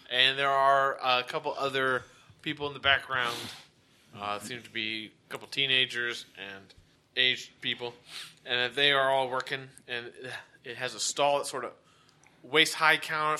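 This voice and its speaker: Guy game-mastering a tabletop game, super bright voice, laughs a lot. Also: mid-range voice, fairly even intonation, a little slow, clean tone. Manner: descriptive, laughs often.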